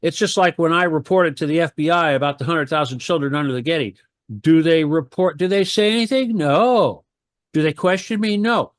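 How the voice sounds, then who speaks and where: A man's voice: fairly high pitch, brisk, no echo, studio quality. A man talking on a radio talk show, rambling and heated, firing off rhetorical questions.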